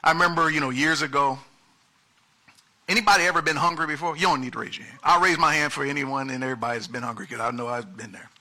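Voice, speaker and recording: A pastor preaching a lively sermon, shifting from quiet asides to loud, emphatic calls. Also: male voice, on the high side, fast talker.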